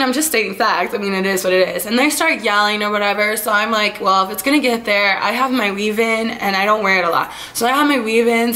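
A young woman vlogger telling a storytime tale in a chatty, animated way, acting out quoted lines and cursing freely. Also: medium pitch. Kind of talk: storytime vlog.

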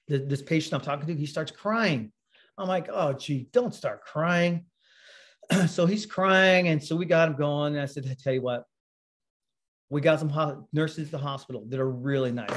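A man giving a sermon, telling a personal story in a conversational way, often clearing his throat. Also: on the high side. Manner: conversational storytelling, acts out quoted voices; frequent throat clearing and fillers. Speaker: preacher.

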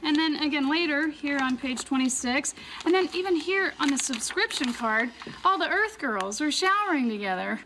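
A woman's voice: sits high, lively intonation, normal speed, sharp tone, heavily acted. An actress playing an earnest young woman, a rookie colorist, who rambles nervously with many restarts in a 1990s sitcom. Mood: anxious. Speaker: comic-book colorist. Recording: noisy old TV audio.

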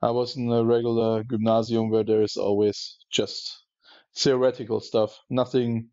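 A man's voice: mid-range voice, flat delivery, normal speed, a little mellow, dry recording, muffled recording. A man from Iran, a podcast guest in casual chat, who halts and repeats words while searching for them.

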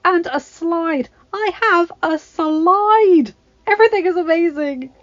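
A woman voicing a bubbly, wide-eyed teenage girl who gushes in a high, breathless voice. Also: slow, no echo. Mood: thrilled. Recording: slightly dull lo-fi recording.

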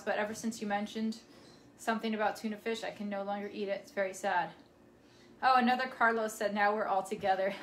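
Chatty high-voiced woman live-streaming. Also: a bit bright, slight background noise. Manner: rambling, chatty, reads viewer comments aloud. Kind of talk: casual live-stream chat.

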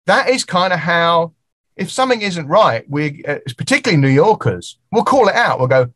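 Guesting on a casual podcast, the middle-aged producer from England tells lively stories and voices the people in them as he talks freely. His pitch is fairly high and his pace moderate, and there is no room sound.

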